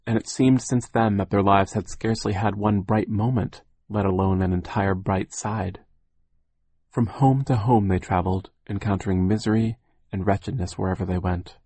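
A man's voice: fairly low pitch, warm tone, breathy edge, dry recording. A man narrating an audiobook in a wry, mournful storytelling manner.

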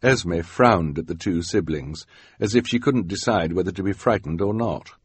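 A man narrating a storybook in a wry, expressive way. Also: low voice, moderate pace, husky, no room sound. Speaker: audiobook narrator.

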